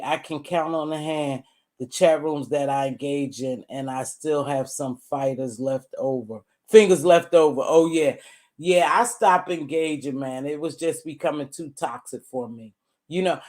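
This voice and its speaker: A woman vlogger giving casual, blunt commentary, animated and repeating points for emphasis. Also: low voice. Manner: blunt, informal.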